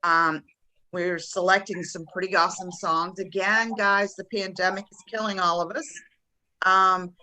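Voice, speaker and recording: Southern American woman co-host, lower-pitched, bright and forceful tone, chatty and enthusiastic. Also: steady tone, rough recording. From Southern United States. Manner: chatty and enthusiastic, quick to laugh. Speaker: podcast co-host. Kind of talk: casual chat.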